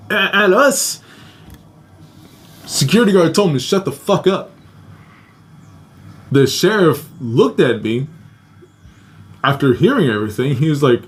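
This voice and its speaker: A man's voice: a little high, expressive, moderate pace, long pauses. A young man casually telling a personal story, swearing a lot, acting out quoted voices and laughing between lines.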